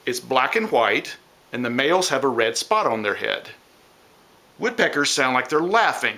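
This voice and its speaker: Lively, bright-voiced male science teacher. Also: mid-range voice, moderate pace, slight background noise. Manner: explains step by step and imitates bird calls. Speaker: science educator for children. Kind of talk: children's science lesson.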